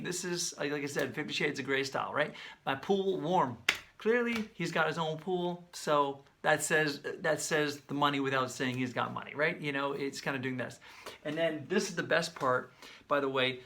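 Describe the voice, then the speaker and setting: A man breaking down a song's lyrics in casual, animated video commentary, sometimes singing and beatboxing snippets. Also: fairly high pitch, creaky, noisy background. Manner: animated, talks with his hands, sings and beatboxes snippets; conversational, many fillers. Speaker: songwriter breaking down a song.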